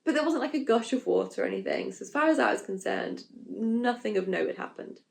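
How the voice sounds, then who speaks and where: A woman's voice: mid-range voice, expressive, fairly quick, vocal fry. A young woman vlogger telling her own story frankly and casually, full of fillers and asides, acting out her own panicked quotes. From England. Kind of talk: candid storytelling vlog.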